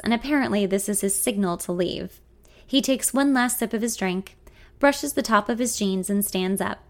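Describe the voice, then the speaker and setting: A woman reading a first-person story in a confiding, introspective way. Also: medium pitch. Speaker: narrator.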